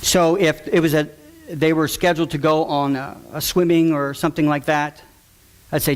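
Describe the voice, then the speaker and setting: A man's voice: on the high side, flat delivery, normal speed. Earnest man giving a heartfelt testimony. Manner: earnest, repeats words for emphasis. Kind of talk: emotional public testimony.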